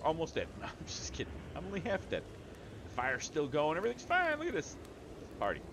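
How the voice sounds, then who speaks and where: Against a noisy background, a man with a medium-pitched voice streams a multiplayer game live. He chats with viewers and friends, getting excited, exclaiming and laughing frequently as he plays.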